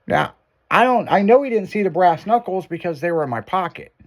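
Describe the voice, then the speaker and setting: Fairly quick and high-voiced, this man hosting a casual chat launches into a long story heavy with profanity. He's a lively narrator who dramatizes the quotes.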